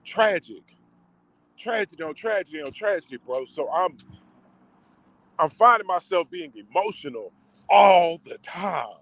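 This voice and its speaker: A man's voice: high voice, lively intonation, unhurried, pauses often, fairly bright tone, no echo. Man telling a painful story, dry close sound. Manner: emotional, conversational, heavy slang, many fillers. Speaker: vlogger. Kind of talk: casual personal storytelling to camera.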